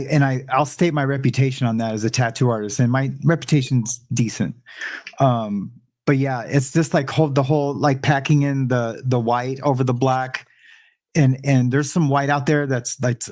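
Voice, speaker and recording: A man, guest in a casual interview on a video call, speaking in halting, filler-heavy sentences. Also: mid-range voice, a little mellow.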